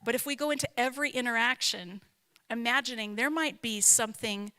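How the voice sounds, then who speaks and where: A woman's voice: a little high, a little fast, sharp tone. A woman, an author and speaker, giving a conversational teaching talk in a reflective, emphatic way. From not from the American South. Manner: reflective, emphatic, asks herself questions aloud.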